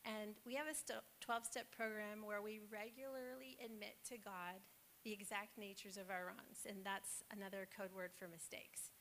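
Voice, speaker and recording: A woman speaks at an everyday pitch in an informal devotional talk, encouraging and chatty, often pausing on fillers. A faint hiss sits behind her voice. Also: level tone. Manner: warm, encouraging, conversational, with many fillers.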